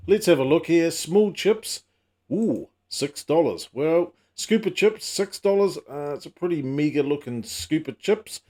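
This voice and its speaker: A man's voice: on the high side, animated, a little slow, mellow. A middle-aged man hosting a casual comedy vlog, full of wry, self-mocking asides and teasing jokes. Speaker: channel host.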